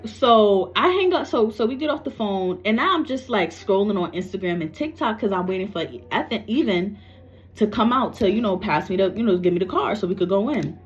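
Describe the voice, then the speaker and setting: A woman's voice: medium pitch, animated, fairly quick, highs cut off. A psychic medium, a woman from New York, animatedly tells a personal story to camera and swears freely.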